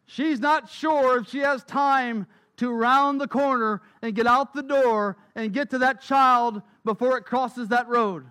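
A man's voice: extremely high pitch, a little slow, few pauses, sharp tone, smooth. A man preaching a sermon, telling stories emphatically and repeating key phrases. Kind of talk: sermon storytelling.

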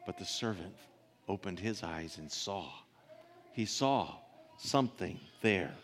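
A man preaching a sermon, reading scripture and then expounding it, with rhetorical questions and soft asides. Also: low voice, lively intonation, takes it slowly, big-room sound, slight background noise.

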